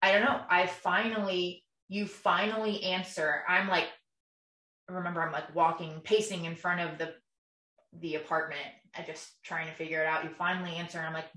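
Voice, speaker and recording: A woman's voice: fairly low pitch, little pitch movement, moderate pace, sharp tone. A young woman co-hosting a podcast, retelling an emotional story in casual chat with lots of fillers and acted-out quotes. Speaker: podcast co-host. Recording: echoey room, voice a bit far from mic.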